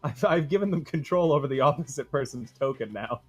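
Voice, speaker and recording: A man's voice: mid-range voice, lively intonation, fairly quick, husky, faint music behind. A man running a tabletop game as game master, narrating in a playful way and laughing often.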